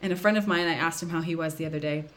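A woman's voice: deep voice, racing. A woman chatting casually on a video call, laughing often and acting out quoted voices.

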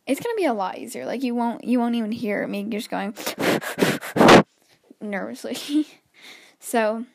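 A woman's voice: fairly high pitch, expressive, normal speed, creaky, very noisy. A teenage girl hosting her own podcast alone, talking nervously and rambling with lots of restarts, a little wheezy, while pacing around her bedroom. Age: teens. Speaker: podcast host. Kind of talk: solo podcast chat.

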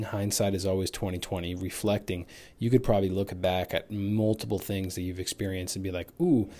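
A man's voice: sits low, darkish tone. A man hosting a solo fitness podcast, talking candidly and motivationally in a loose, casual way with the odd swear word, while he recovers from being sick. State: recovering from illness. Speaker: fitness coach and podcast host.

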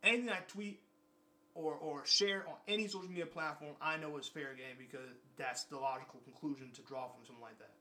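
Young man, casual monologue, repetitive and profane, higher-pitched voice. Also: fairly even intonation, a little fast, pushed and bright. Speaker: vlogger.

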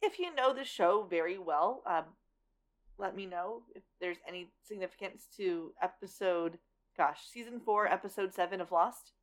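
A woman's voice: mid-range voice, moderate pace. Wry, sarcastic woman co-host. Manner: wry, sarcastic asides with casual swearing. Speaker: podcast co-host. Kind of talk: casual chat.

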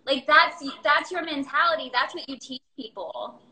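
A woman's voice: sits high, moderate pace, pushed and bright, echoey room, rough recording. A woman hosting a casual interview chat, cheering her guest on with short encouraging interjections. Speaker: host.

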